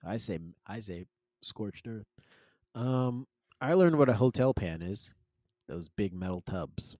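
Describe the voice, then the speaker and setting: A man's voice: fairly low pitch, expressive, slow pace, mellow, no room sound, studio quality. A man co-hosting a podcast, chatting casually and laughing while recapping a cooking show. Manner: joking, laughs often, reads a recap aloud. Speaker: podcast co-host.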